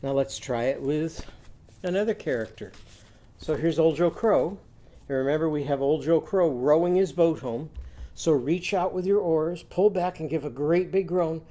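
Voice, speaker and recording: A man's voice: a little high, moderate pace, mellow. A man teaching a children's literacy lesson, singing simple chants and leading the class in call-and-response.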